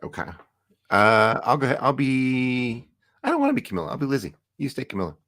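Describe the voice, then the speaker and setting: A man's voice: mid-range voice, wildly swooping pitch, brisk, a bit bright. A man chatting casually as a player in a tabletop game, easygoing and agreeable. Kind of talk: casual chat between players.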